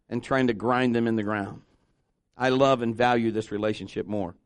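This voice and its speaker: A male pastor preaching a conversational sermon, asking the congregation questions and jumping into high excited voices when he acts out quotes. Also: no room sound, clean studio sound. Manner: animated, swings into high-pitched voices when acting out quotes.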